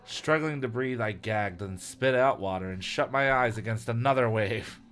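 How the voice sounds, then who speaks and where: A man's voice: mid-range voice, normal speed, a bit bright. Man doing a joking read-aloud. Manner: laughs through his reading, joking asides. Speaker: podcast host reading a book aloud. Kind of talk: comedic read-aloud with banter.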